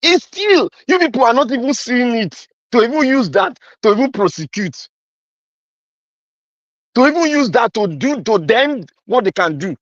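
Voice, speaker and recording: A man's voice: very high-pitched, animated, normal speed, no room sound, muffled recording. A Nigerian man delivering an impassioned, accusatory political rant, repeating his points with heat. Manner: fiery, accusatory, repetitive. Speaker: commentator.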